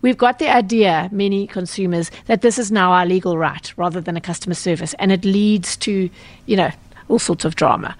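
A woman with a South African accent, a consumer journalist answering questions on a radio talk show in a brisk, explanatory way with frequent ums and self-corrections. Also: on the low side.

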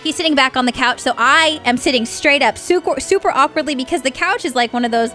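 A woman's voice: high voice, quick pace, bright, forceful tone, soft background music. A woman co-host telling a personal story in casual chat, full of "like" and acted-out dialogue. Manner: chatty, heavy filler "like", acts out dialogue.

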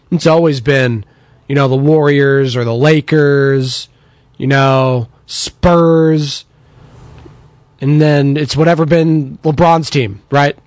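A man's voice: on the high side, no room sound. A man hosting a sports talk radio show, chatting energetically and reading out listener texts. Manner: energetic, chatty, takes text-line messages.

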